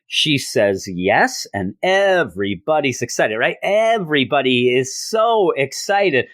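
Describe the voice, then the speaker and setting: A man's voice: medium pitch, big pitch swings, slow pace, fairly bright tone, dry recording. A man chatting casually as he reviews a comic, retelling scenes loosely and slipping into quoted lines. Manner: loose with fillers and restarts.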